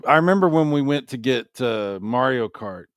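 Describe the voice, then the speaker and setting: A man co-hosting a casual podcast chat, telling animated stories and acting out what people said. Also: mid-range voice, normal speed, no echo, studio quality. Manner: animated storyteller, acts out quotes. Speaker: co-host.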